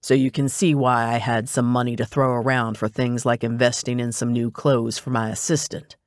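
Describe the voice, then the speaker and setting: A man's voice: mid-range voice, flat delivery, moderate pace, no room sound, lightly acted. A man voicing a wry, dry private investigator. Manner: matter-of-fact, teasing. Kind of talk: audiobook dialogue.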